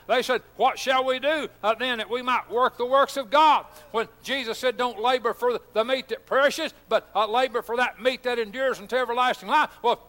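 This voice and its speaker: A man preaches from the pulpit in a very high, bright, forceful voice, threading "uh" between phrases and lifting into chanted peaks. His sermon rings out in a church sanctuary with a long reverb tail. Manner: fervent, many "uh" fillers, rising to chanted emphasis. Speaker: pastor. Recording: hall reverb.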